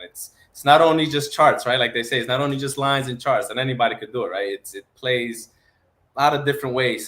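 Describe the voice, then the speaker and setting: A man's voice: medium pitch, fairly bright tone. A man co-hosting a casual podcast, talking in a coaching way and ending lines with "man" and "right?". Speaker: podcast co-host. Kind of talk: casual chat about the stock market.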